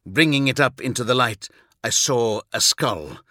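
A male audiobook narrator telling a first-person story in a measured, intense way. His voice is bright and forceful, at a middle pitch. The sound is close and dry, with no room around it. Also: animated, no room sound.

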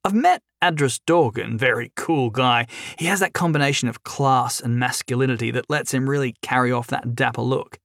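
A man voicing a wisecracking young male captive who talks in a quick, sarcastic, lively way in a storybook reading. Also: mid-range voice, creaky, no echo, studio quality. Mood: mocking. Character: chained young man, wisecracking and nervously flippant.

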